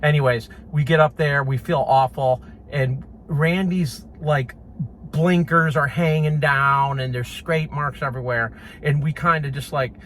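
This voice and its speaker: A man telling a funny personal story in a casual, animated way, often laughing and mimicking sounds. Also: a little high, a little slow, slight background noise. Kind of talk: casual anecdote.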